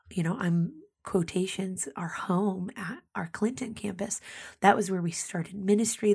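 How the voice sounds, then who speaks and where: A woman's voice: medium pitch, gravelly, darkish tone, slightly rough. A woman in her thirties, a ministry leader hosting a podcast, giving a reflective devotional talk and often dropping to a near whisper. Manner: intimate, often drops to a whisper.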